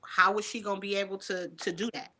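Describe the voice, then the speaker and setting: A woman's voice: mid-range voice, fairly even intonation, fast talker, crowd noise. A woman co-hosting a casual story chat, making emphatic points and reasoning things through. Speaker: co-host.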